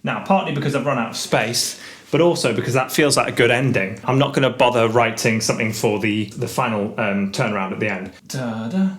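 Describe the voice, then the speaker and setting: A man with a mid-range voice speaks a little quickly in a reverberant space. He's a music teacher thinking aloud while writing a jazz solo, casually humming and scatting the rhythms as he goes.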